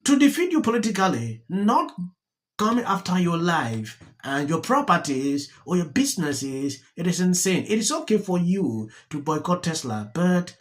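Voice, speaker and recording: A man's voice: sits high, sing-song, moderate pace. A man giving opinion commentary as a vlogger, emphatic and repetitive.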